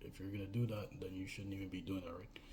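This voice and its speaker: Brief: man, even low delivery, chatty coaching monologue, keeps checking in with "right?". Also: fast talker, a little hiss or hum. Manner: rambling, repeats "right?" and "you know". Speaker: business coach. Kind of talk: casual advice monologue.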